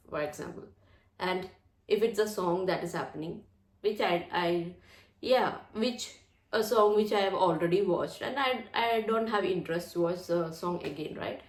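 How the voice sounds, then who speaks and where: A woman hosting her own channel, talking in an earnest, chatty way and often repeating phrases. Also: lowish voice. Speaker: channel host. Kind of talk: casual chat to camera. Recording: roomy echo.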